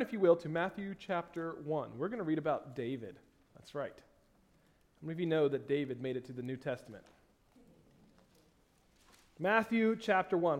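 A man on the high side preaches as pastor, reading scripture aloud with slowed, stressed wording. His delivery swings from loud emphasis to quiet asides.

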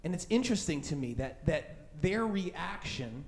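A man's voice: fairly high pitch, sing-song, a little slow. A man preaching a sermon in a conversational way, telling a childhood story and acting out the voices of scared people. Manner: conversational, many fillers like "right?" and "like". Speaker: pastor.

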